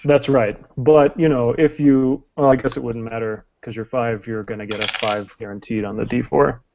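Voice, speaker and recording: A man's voice: medium pitch, fairly even intonation, normal speed, vocal fry, muffled recording, noisy background. A man acting as game master, explaining the rules step by step with many fillers. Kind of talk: running a tabletop game.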